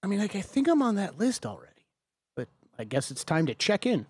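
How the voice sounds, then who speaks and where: A man's voice: high voice, huge pitch swings, a little fast, slightly rough. A man co-hosting a sports talk show, giving short, wry replies and jokes. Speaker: sports radio co-host. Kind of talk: casual talk show banter.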